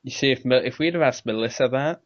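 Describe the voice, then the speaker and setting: A man with an English accent hosts a casual podcast chat, rambling and laughing frequently. His mid-range voice is fast, and the recording is dry with no echo, captured on a dull lo-fi mic.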